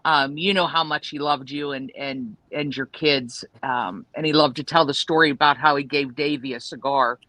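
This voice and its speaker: A guest sharing memories in casual chat, earnest and hesitant with many pauses. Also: medium pitch, steady tone, pushed and bright, low-quality recording.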